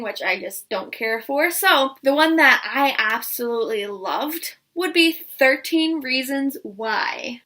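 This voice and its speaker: Young woman book vlogger, high and bright, gushing and excitable, casual chat. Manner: gushing and excitable, many repeated "I loved" and "like".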